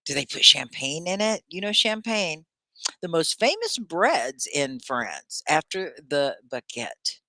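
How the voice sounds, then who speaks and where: A woman's voice: deep voice, slow, no room sound. A woman from Texas, hosting a live online English class, gushing as she reads out viewers' comments. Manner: animated and gushing, reading viewers' comments aloud.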